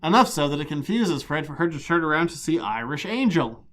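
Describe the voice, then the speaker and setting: A man's voice: on the high side, sing-song, a little fast, fairly bright tone. A man co-hosting a podcast, recapping comics in casual chat with wry, sarcastic asides. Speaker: podcast co-host.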